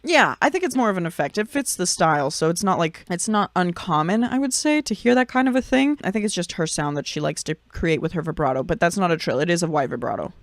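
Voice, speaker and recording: A woman reacting live to a song, talking with enthusiasm while she analyzes the singer's technique in a relaxed, chatty way. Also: lowish voice, fast, hardly any pauses, no echo. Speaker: vocal coach reacting to music. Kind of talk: casual live reaction commentary. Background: song playing clearly.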